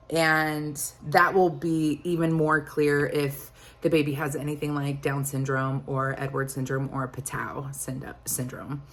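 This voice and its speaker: A young woman holds a candid, chatty chat with her viewers, rambling a little as she goes. Her voice sits slightly low for a woman, relaxed and conversational. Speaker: vlogger. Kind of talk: casual chat.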